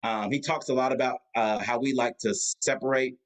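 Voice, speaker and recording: A man's voice: medium pitch, steady tone, a little fast, rough recording. A man, a pastor and guest, chatting casually on a video call, with lots of fillers and restarts. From United States. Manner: rambling, many fillers and restarts. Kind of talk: casual conversation. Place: Atlanta area.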